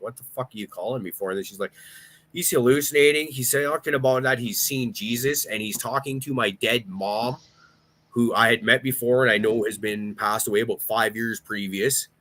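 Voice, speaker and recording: A man's voice: mid-range voice, sharp tone, slight background noise. A man telling a rambling story in casual chat, swearing a lot and restarting his sentences. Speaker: podcast host.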